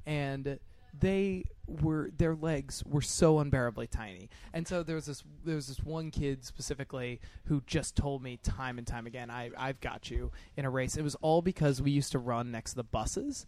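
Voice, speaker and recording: A man's voice: mid-range voice, normal speed, no echo. Young man telling stories with laughs. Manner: animated storyteller, laughs often, acts out kids' taunts. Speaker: podcast co-host. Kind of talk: casual chat.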